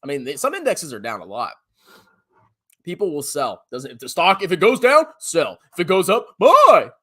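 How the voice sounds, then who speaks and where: A personal finance host chats through viewer comments in a casual livestream. His voice sits a little high and swoops up and down as he talks. He is loose and slangy and laughs easily. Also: moderate pace. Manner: animated, slangy, laughs often.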